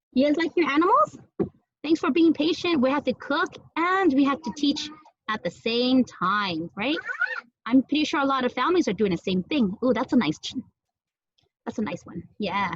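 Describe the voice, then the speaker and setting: A woman's voice: fairly high pitch, no echo, dull audio. A young woman teacher cooking at home while teaching small children, talking in a playful sing-song way and making animal sounds.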